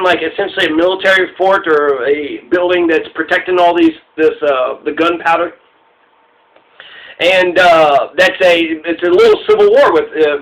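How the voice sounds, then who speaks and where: A man's voice: high voice, bright, forceful tone, low-quality recording. A man from Colorado giving a rambling, profane talk to an audience, often stopping to correct himself. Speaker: public speaker.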